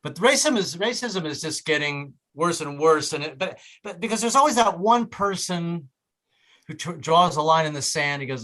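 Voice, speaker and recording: A middle-aged man performing a stand-up comedy set on a club stage, breaking into loud shouted impressions. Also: fairly high pitch, animated, moderate pace, poor audio.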